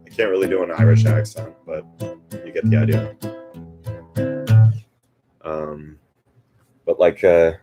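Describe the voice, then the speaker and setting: Deep-voiced man chatting over guitar. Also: steady tone, a little slow, pauses often. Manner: rambling and self-deprecating, with many fillers. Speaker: guitarist hosting a live stream. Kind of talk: casual live-stream chat between songs. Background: guitar playing.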